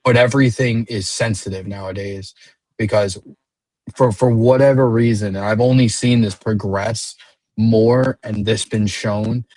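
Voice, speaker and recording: A man's voice: on the low side, steady tone, unhurried, darkish tone, no room sound, rough recording. A man in his late twenties, blunt and combative in a heated panel debate. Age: late 20s. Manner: blunt and combative, mocking voices. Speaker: panel guest.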